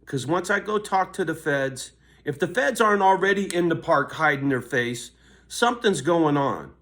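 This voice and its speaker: A man's voice: on the high side, animated, moderate pace, fairly bright tone. An older man vlogging, cursing constantly in a riled-up, confrontational rant. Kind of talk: angry ranting vlog.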